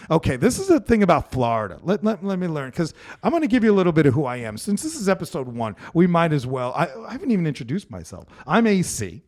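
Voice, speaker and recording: Animated man hosting a swearing comedy podcast. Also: a little high, fast, few pauses. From Brooklyn, New York. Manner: animated, swears freely, frequent restarts. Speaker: podcast host. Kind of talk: casual comedic chat.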